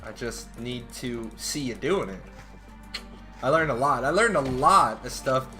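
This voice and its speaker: An American man streaming a video game, chatting loosely as he plays. He rambles, swears freely and laughs often. Game music plays clearly behind him, with keyboard typing. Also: mid-range voice, expressive, measured pace, pushed and bright. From United States. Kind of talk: casual gameplay commentary.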